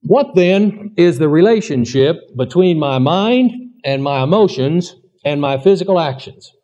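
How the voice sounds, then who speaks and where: A man's voice: a little high, animated, measured pace, mellow. A man giving an earnest, plainspoken sermon-style teaching, asking rhetorical questions as he goes. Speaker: preacher. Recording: dull lo-fi recording.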